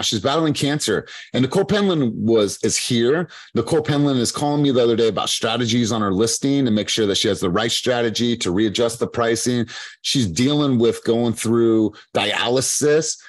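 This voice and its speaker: Husky man giving an emphatic coaching talk. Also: mid-range voice. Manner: emphatic, preachy, fond of repeating himself. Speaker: sales coach leading a team meeting.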